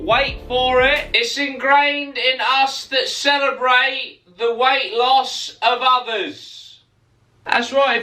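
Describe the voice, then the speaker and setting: A man delivers a sarcastic commentary vlog in a high, bright voice, feigning outrage and swearing freely. Faint music plays underneath. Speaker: YouTube commentator.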